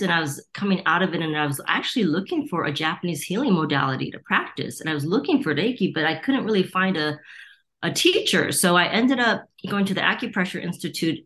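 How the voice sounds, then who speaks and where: This middle-aged American woman teaches Reiki and is telling stories during an interview, acting out the voices of the people she quotes. Her voice sits on the low side and has a slightly bright quality.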